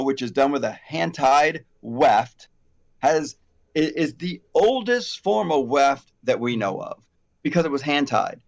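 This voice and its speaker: A man in his fifties hosting a casual chat about hair extensions, rambling and animated with many fillers and asides. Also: on the high side. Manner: rambling, animated, self-deprecating, frequent fillers. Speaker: hair extension educator, host.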